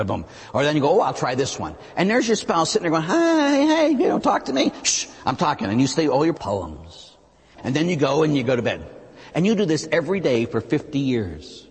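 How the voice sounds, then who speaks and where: A man preaching as a Catholic priest, telling stories with lively asides and frequent "huh?" to his listeners. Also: medium pitch, breathy edge. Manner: animated storytelling with rhetorical "huh?" asides. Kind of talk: sermon. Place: church. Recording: long reverb of a large church.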